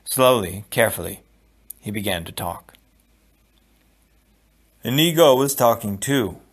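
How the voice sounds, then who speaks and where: A man reading a novel aloud in a steady, measured narration. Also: on the low side, slightly rough. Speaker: audiobook reader. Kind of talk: storybook read-aloud.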